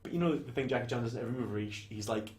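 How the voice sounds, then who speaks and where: A young Scottish man recapping a film in casual chat, animated, swearing freely and acting out lines from scenes. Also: medium pitch, racing. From Scotland. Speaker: podcast co-host. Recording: roomy echo.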